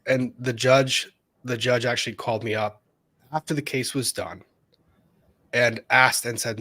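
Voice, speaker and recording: A man's voice: mid-range voice, steady tone, unhurried, long pauses, bright, forceful tone. A man, an attorney co-hosting a casual chat, earnestly recalling moments with judges and repeating phrases for emphasis. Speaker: attorney, podcast co-host.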